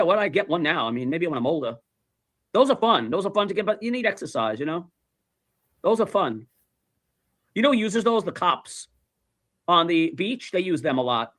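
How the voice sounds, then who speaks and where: High, bright-voiced man telling stories. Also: no echo. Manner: animated, profane storyteller who repeats himself. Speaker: livestream host. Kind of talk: casual chat.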